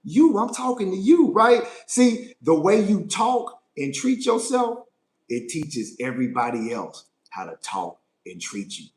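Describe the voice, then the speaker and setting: An emphatic male life coach speaks live to his viewers in a motivational talk. His voice sits a little high, and he keeps repeating lines and checking in with "right?". The room around him is noticeably echoey. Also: big pitch swings, a little slow. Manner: emphatic, repeats phrases and asks "right?" often.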